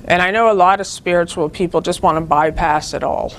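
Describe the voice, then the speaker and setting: A woman's voice: on the low side, fairly even intonation, fairly quick, slight background noise. A woman leading a spiritual group, giving an earnest, informal talk that teaches through personal stories.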